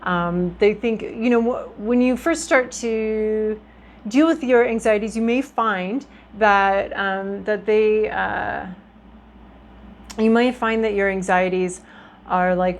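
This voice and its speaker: A woman's voice: mid-range voice, takes it slowly, slight background noise, rough recording. A woman giving a casual tarot reading to her viewers, talking in a chatty, reflective way with frequent ums and restarts. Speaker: tarot reader.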